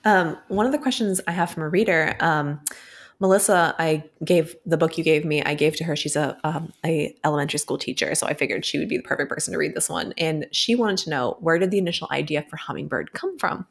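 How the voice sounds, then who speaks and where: A woman's voice: sits low, a little fast, vocal fry, husky. A woman co-hosting a book podcast, friendly and easily moved, asking an author questions in casual chat. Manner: friendly, emotional, giggly. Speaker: podcast co-host.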